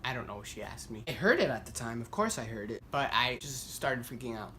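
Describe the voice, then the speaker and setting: Young dude vlogging, rambly storytelling, says like constantly, gets worked up. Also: male voice, mid-range voice, brisk, a little hiss or hum. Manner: rambling, heavy use of "like", self-deprecating; animated, voice climbs when worked up. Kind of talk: casual storytelling to camera.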